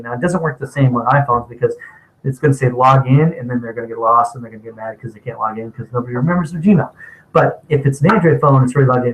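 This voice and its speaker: A man's voice: medium pitch, poor audio. A man presenting a marketing webinar, talking casually and bluntly, with lots of fillers and restarts. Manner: rambling, chatty, blunt, many fillers and restarts. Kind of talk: casual spoken webinar teaching.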